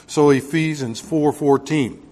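A man from Texas preaching a Bible sermon in a conversational way, growing loud and emphatic on key points. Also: a little high, measured pace. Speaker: pastor.

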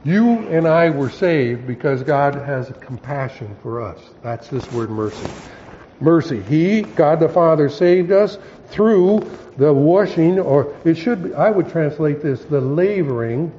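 Man teaching scripture, halting and muffled. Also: a little high, warm tone, slight background noise. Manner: halting, self-correcting, explaining word by word. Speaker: pastor. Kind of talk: expository Bible teaching.

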